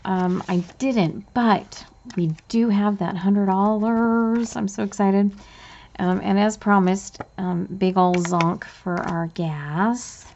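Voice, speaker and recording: A woman, a bubbly, chatty budgeting vlogger talking through her cash envelopes and getting excited easily. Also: medium pitch, slow pace, muffled recording, a little hiss or hum. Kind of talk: casual cash envelope walkthrough.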